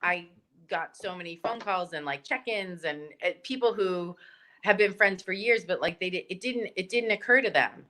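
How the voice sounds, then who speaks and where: Bright, animated woman telling stories. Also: lowish voice, moderate pace. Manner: animated, rambling, many likes and ums. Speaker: guest. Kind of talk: casual storytelling chat.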